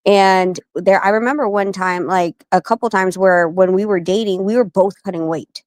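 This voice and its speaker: A woman in her forties, a guest on an interview show, telling animated stories and acting out the people she quotes. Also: mid-range voice, normal speed, no room sound. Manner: animated, acts out quoted voices. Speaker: guest, wife and manager of a boxer. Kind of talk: casual interview storytelling.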